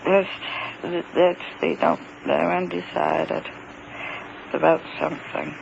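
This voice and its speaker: A man tells of an encounter he had, stumbling and repeating himself at first, then pressing his points hard. His voice is high and gravelly with fairly even intonation, and the lo-fi recording sounds dull, with a faint hiss beneath it.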